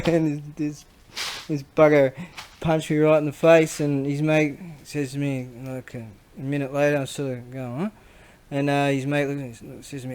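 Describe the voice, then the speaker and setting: A man's voice: mid-range voice, little pitch movement, moderate pace, a little mellow. A middle-aged Australian man giving casual, wandering commentary full of slang as a vlogger. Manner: slangy, wandering, chuckling storyteller.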